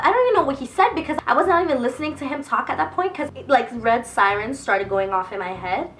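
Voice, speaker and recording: A woman's voice: high-pitched, fast talker, few pauses, distant mic, a little hiss or hum. A young woman vlogging, telling stories casually with lots of profanity and acted-out quotes. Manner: animated, profane, acts out quoted voices. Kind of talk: casual storytelling to camera. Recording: voice a bit off-mic with faint music.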